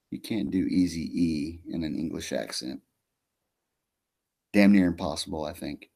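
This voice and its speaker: A man with a low voice talks loosely in a casual conversation. He hesitates, restarts and lets his sentences trail off quietly. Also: a little slow, creaky, long pauses, husky. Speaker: podcast host. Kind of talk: casual chat.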